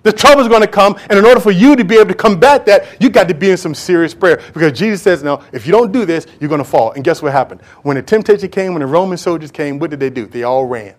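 High-voiced, emphatic male pastor preaching. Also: quick pace, few pauses. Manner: emphatic preaching with repeated words. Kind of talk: sermon.

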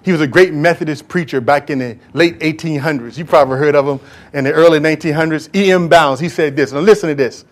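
Impassioned high-voiced male preacher. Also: fast. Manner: impassioned, swings from loud calls to hushed whispers; addresses congregation directly, acts out quoted voices. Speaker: pastor. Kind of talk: sermon.

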